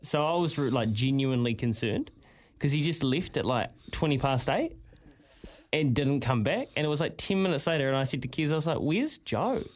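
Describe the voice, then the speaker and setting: A man's voice: mid-range voice, fairly quick. Chatty radio co-host man. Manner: chatty storyteller, says like a lot. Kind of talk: casual radio banter. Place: radio studio.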